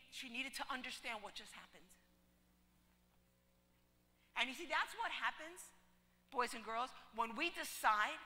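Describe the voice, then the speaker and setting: Animated woman preacher in an echoey hall. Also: sits high. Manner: animated, acts out dialogue, swings from hushed to loud. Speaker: pastor. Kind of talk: children's sermon storytelling. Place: large church hall.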